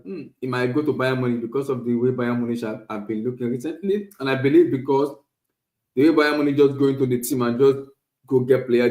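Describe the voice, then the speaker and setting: A man hosting a casual solo football talk stream, animated and repetitive, often restarting phrases. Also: mid-range voice, reverberant, poor audio. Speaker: podcast host. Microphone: streaming setup.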